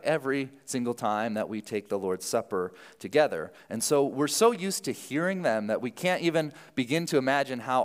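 A man preaching a sermon in a casual, animated style, often restarting his sentences. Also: mid-range voice, in a large hall. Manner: conversational, animated, self-interrupting. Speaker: pastor. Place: church sanctuary.

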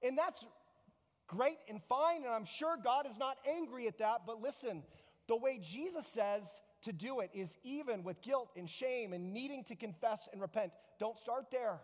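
A pastor giving a sermon, telling a story in an animated way and repeating words for effect. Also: male voice, extremely high pitch, moderate pace, in a large hall.

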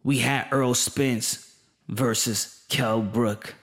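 Male commentator, mid pitch, heated opinion monologue, slangy and emphatic. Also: fairly even intonation, slow, a bit bright. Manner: passionate, emphatic, repeats points, casual slang. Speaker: boxing commentator.

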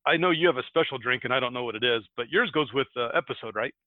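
A man's voice: medium pitch, quick pace, no room sound, narrow, tinny audio. A man co-hosting a podcast in casual chat, laughing often and restarting his sentences. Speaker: podcast co-host.

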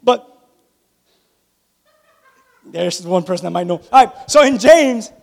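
High-voiced preacher in a reverberant church. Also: male voice, slow, gravelly. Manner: animated, tells personal stories and calls out to the congregation. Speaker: pastor. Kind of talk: sermon. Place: church sanctuary. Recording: long reverb of a large church hall.

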